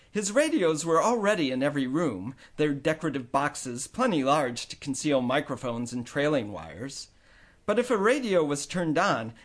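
A man narrating a storybook in an expressive storytelling manner. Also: fairly high pitch. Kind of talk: scripted audiobook narration.

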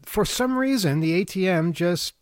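A man's voice: high voice, expressive, normal speed, no echo, studio quality. A man co-hosting a radio talk show, telling a story in a rambling way, stumbling over repeated words and laughing often. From New York State. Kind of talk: casual chat.

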